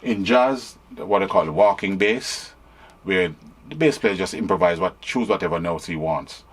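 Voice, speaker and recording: Jamaican man, very low husky voice, musician giving an informal lesson, faint music underneath. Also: normal speed. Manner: teacherly, patient explaining. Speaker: musician and guitarist. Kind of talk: explaining music history.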